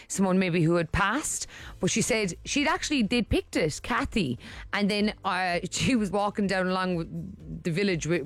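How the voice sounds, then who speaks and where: A woman co-hosting a morning radio show, telling a rambling story in casual chat with lots of restarts. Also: fairly low pitch. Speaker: radio co-host. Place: radio studio. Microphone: studio microphone.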